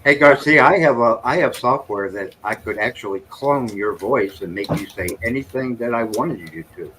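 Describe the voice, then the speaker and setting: A man joking around in a casual livestream chat with a lively manner. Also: mid-range voice, moderate pace, slight background noise, poor audio. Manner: lively, jokey, laughs.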